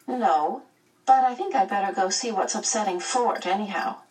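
A woman voicing a calm, brisk scientist mother who speaks lightly and reassuringly. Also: mid-range voice, recorded from a distance, voice pushed up, natural voice.

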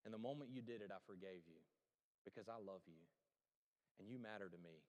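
Man voicing a loving grandmother, soft, low, slow, reverberant room. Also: natural voice. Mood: tender. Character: tender grandmother, loving and forgiving.

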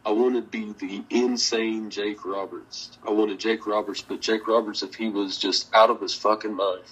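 A man's voice: fairly low pitch, flat delivery, moderate pace, fairly bright tone, breathy edge, rough recording. A man telling rambling stories in a casual interview, laughing often, cursing and acting out what people said. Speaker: guest, wrestler.

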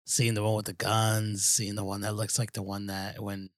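A man's voice: lowish voice, monotone, moderate pace, dry recording, studio quality. A man co-hosting a podcast, chatting casually and rambling with lots of fillers, restarts and "dude.". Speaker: podcast co-host. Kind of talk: casual chat.

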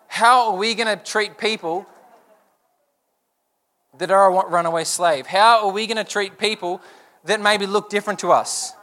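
A young pastor delivers a sermon in a high, bright voice. He drives his message home with a string of earnest rhetorical questions.

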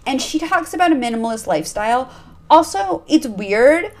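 A woman's voice: high voice, sing-song, moderate pace. A woman hosting a podcast, talking in a chatty, candid way with lots of fillers and asides. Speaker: podcast host. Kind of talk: casual chat. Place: lives in Los Angeles.

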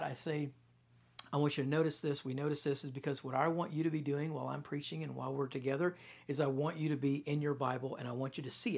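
A pastor in his thirties preaches a sermon in a conversational, storytelling style, dropping now and then into quiet, intense passages. His mid-range voice is husky, with vocal fry.

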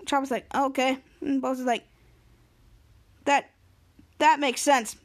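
A woman hosting a podcast, recapping a TV episode in a casual, excited way and acting out the characters' lines. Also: high-pitched, slow. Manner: excited, acts out characters' lines while retelling. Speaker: podcast host.

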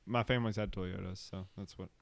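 A man co-hosting a podcast in casual chat, relaxed and halting, with plenty of fillers and laughs. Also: deep voice, vocal fry, no room sound. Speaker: podcast co-host.

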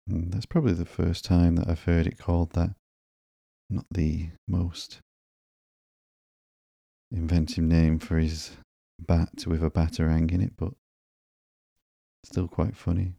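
A man hosting a sleep podcast, calmly narrating a comic book in a slow, monotone manner. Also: low-pitched, gravelly, no room sound, clean studio sound. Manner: calm, monotone, drawn-out. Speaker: podcast host and comic reader.

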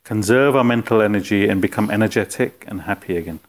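Low-voiced man teaching a philosophy class. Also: fast. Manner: conversational, asks the class questions. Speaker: spiritual teacher. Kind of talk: informal philosophy class talk.

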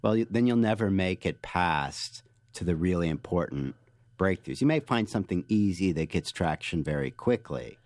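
A man being interviewed as a guest author, telling stories with lively energy and frequent restarts. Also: deep voice, normal speed, dry recording. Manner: animated storyteller, restarts often. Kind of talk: interview answers.

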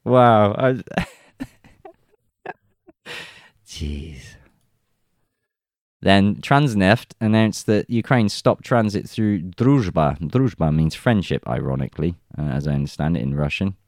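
Deep-voiced man commenting on news. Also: expressive, takes it slowly, long pauses, a little mellow, no echo, studio quality. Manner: reads reports then jokes and chuckles.

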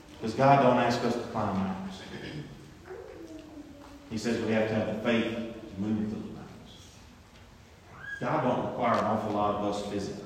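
A man preaching in a church, swinging from low pleading to loud exhortation. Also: slight background noise. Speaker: pastor. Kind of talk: sermon. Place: church sanctuary. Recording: echoey hall, mic from far off.

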